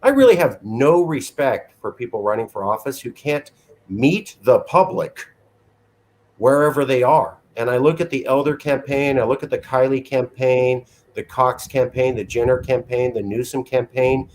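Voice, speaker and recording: A man's voice: mid-range voice, moderate pace. A man hosting an interview, chatting casually, joking, and giving his opinions. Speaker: interview host.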